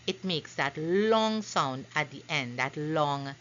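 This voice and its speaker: A woman teaches phonics at an unhurried pace and carefully sounds out each example word. Her voice is bright and sits a little low. The recording is somewhat dull and lo-fi. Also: expressive. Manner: slow, careful, stretches out example words. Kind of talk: phonics lesson narration over slides.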